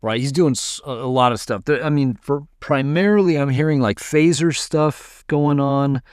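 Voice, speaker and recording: A man casually teaching music production, thinking aloud while he works and muttering at his software. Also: mid-range voice, a little fast. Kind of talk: casual screen-recorded tutorial.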